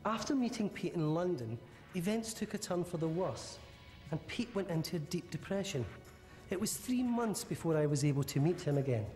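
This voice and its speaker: A man with a fairly high voice narrates and counsels as a psychic therapist. He speaks in a measured, gently probing way, with soft music under the narration. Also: animated. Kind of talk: documentary narration and counselling talk.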